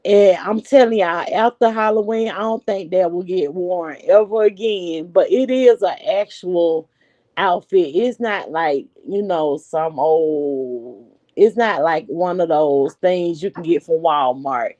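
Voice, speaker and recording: Woman in her 40s chatting on a live stream, aave, low mellow voice, slow and dry. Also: no room sound, muffled recording. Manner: chatty, unhurried, talks straight to viewers. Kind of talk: casual live-stream chat.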